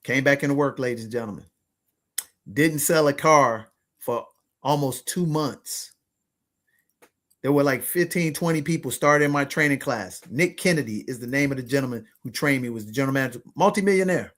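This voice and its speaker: A man in his fifties telling a motivational story to his listeners, animated and slangy, often calling out to them as ladies and gentlemen. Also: mid-range voice, moderate pace. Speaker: podcast host and money coach.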